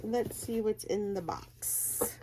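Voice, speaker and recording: Gushing woman unboxing gifts, slow-paced. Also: medium pitch, warm tone, a little hiss or hum. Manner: gushing, exclaims often. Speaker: crochet vlogger. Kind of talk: excited unboxing chat.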